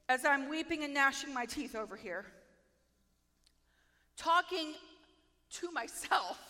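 Woman preaching her story, slow and heartfelt, echoey hall. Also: high-pitched, pushed and bright. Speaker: speaker sharing testimony. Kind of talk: emotional testimony sermon. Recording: echoey hall with long reverb.

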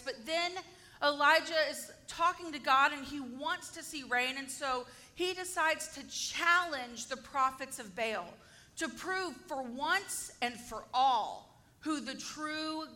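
A woman teaching a Bible story to a group, acting it out dramatically and asking her listeners questions. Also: high-pitched. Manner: animated, acts out the story and asks the audience questions.

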